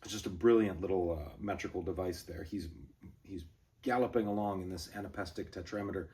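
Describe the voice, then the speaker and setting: A man reading a poem at a brisk, driving pace, then commenting casually with fillers and restarts. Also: deep voice, fairly even intonation, warm tone, far from the mic. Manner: brisk galloping recitation, rambling asides with fillers. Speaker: poetry reader and commentator.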